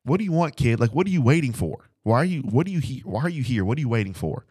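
A man voicing a weary grown superhero who asks a kid questions in a gruff, impatient way. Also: mid-range voice, animated, fast talker, mellow, no room sound, pitched above the performer's own voice.

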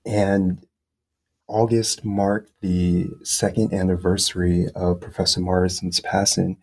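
A young man interviewing an author, speaking in a measured way with frequent filler pauses. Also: sits low, flat delivery, darkish tone, slightly rough. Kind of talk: interview questions and conversation.

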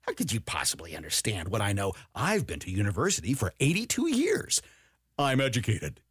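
A man's voice: fairly low pitch, wildly swooping pitch, fairly quick, a bit bright, breathy edge, no room sound, pitched below the performer's own voice, full character voice. A man voicing a sneering impression of a condescending male expert who dismisses critics.

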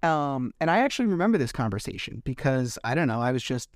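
A man hosts a podcast and retells a story with animated sarcasm and casual swearing. His voice sits a little high. The sound is dry and close to the mic. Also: fast, hardly any pauses, no echo. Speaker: podcast host.

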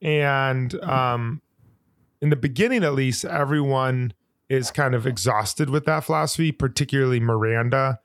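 A man's voice: mid-range voice, moderate pace, no room sound, clean studio sound. A man co-hosting a podcast, animatedly recapping scenes in casual chat. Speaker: podcast co-host.

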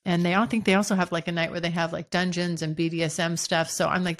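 A woman's voice: fairly low pitch, level tone, fast, hardly any pauses. A woman hosting her own podcast, talking frankly and casually in a solo monologue, with frequent restarts and casual swearing. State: hiccuping. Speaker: podcast host.

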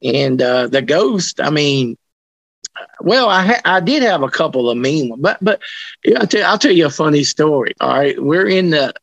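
A man telling ghost stories in an interview, rambling and restarting his sentences, animated as he tells them. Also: on the high side, moderate pace, gravelly, dry recording, dull audio. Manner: rambling, with many restarts and colloquial grammar. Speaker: interviewee, paranormal investigator. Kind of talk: casual storytelling interview.

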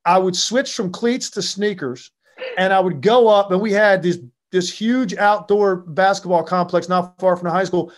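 Animated high-voiced man telling stories. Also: normal speed. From Virginia. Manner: animated, with frequent fillers. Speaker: interview guest, former basketball player. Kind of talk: casual interview storytelling.

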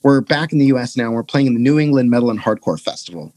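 A man on a podcast telling a tour story, animated and profane, jumping into higher voices for quotes. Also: fast, no room sound. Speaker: podcast guest, touring musician. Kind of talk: casual storytelling.

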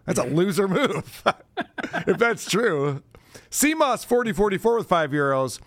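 Animated high-voiced sarcastic man. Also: a little slow, no echo. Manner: sarcastic, mocking, laughs often. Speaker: podcast host. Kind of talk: casual podcast chat, reading donations.

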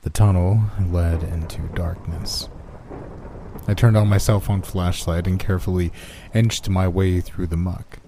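A man reading a first-person horror story aloud in a slow, measured, hushed manner. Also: low voice, flat delivery, a little hiss or hum. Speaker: narrator. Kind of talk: scripted horror story narration.

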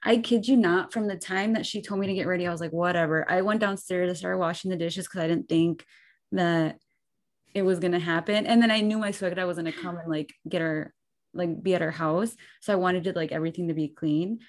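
A woman's voice: fairly low pitch, fairly quick. A young woman co-hosting a podcast, chatting casually and animatedly with lots of "like". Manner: chatty and animated, heavy use of "like". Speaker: podcast co-host. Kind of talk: casual chat, storytelling.

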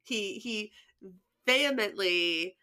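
A woman's voice: mid-range voice, animated, slow, pushed and bright. A young woman co-hosting a podcast, telling stories in a chatty way with frequent laughs and fillers. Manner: chatty storyteller, laughs often, many fillers. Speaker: podcast co-host. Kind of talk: casual chat.

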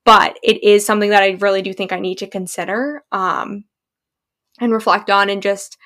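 A woman's voice: mid-range voice, steady tone, moderate pace, a bit bright. A woman in her twenties, co-hosting a podcast in casual chat, candid and reflective, laughing often. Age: 20s. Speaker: podcast co-host.

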